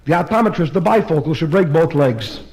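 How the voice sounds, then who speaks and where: A man's voice: a little high, animated, a little fast, darkish tone, rough recording. A man voicing a middle-aged husband who complains bitterly and indignantly, in a live stand-up comedy bit. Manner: indignant, griping.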